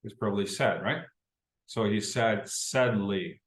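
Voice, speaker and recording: A man's voice: fairly low pitch, a little slow. A man from Brazil teaching an English class, explaining patiently and often checking in with the listener. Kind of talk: recorded class lesson. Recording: roomy echo.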